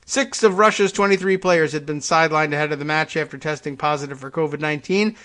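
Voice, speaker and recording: A male talk-show host rambles through the news with sarcastic asides. His voice sits a little higher than most men's. He often trails off and restarts mid-thought. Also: fast talker, sharp tone. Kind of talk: casual political talk show monologue.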